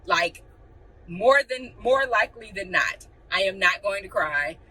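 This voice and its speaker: Young woman, blunt, animated, bright voice, faint room noise. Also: medium pitch, measured pace, recorded from a distance, low-quality recording. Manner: blunt, animated, acts out quotes. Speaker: vlogger. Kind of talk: casual chat to camera.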